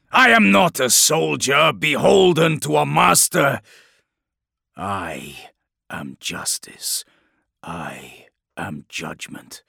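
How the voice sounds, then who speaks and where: A man's voice: mid-range voice, a bit bright, dry recording, studio quality, voice pushed up. A man voicing an arrogant, defiant imprisoned warrior who talks in grand, mocking declamations. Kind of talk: audiobook character voice.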